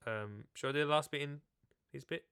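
A man's voice: on the high side, a little fast, a bit bright, smooth. A man with a cold, chatting casually and jokily to viewers about his gardening book, with lots of restarts. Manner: jokey, rambling, many restarts. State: has a cold. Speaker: author and gardening presenter. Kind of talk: casual live video chat.

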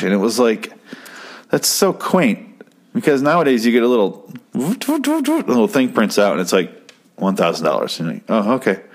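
Low-voiced man telling a rambling profane story. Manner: profane, rambling, self-correcting. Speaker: comedian recapping a show. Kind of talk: casual comedic storytelling.

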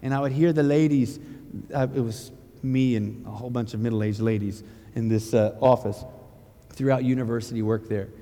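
A man preaching a sermon with passion, firing rhetorical questions and building to near-shouting. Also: mid-range voice, steady tone, moderate pace, long reverb tail.

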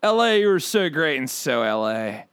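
A man voicing an excitable bird hosting his own comedy podcast, rambling and cursing through stories with a higher-pitched, smooth voice. The sound is close and dry, with no room around it. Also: moderate pace, dry recording. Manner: rambling, profane, punning, riffs on asides. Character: brash excitable male bird podcast host. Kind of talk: comedic character monologue.

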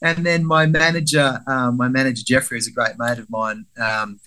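A man's voice: mid-range voice, steady tone, normal speed, bright, forceful tone, smooth. A man talking as a guest, telling a story candidly with some swearing and acting out his own inner voice. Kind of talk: conversational storytelling.

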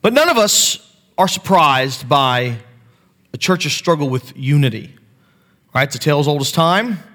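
A man's voice: fairly high pitch, animated, moderate pace, pushed and bright. A man in his thirties preaching a sermon to his church on a handheld mic, casual and self-deprecating as he tells family stories. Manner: conversational, self-deprecating storytelling. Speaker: pastor. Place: church sanctuary. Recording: long hall reverb.

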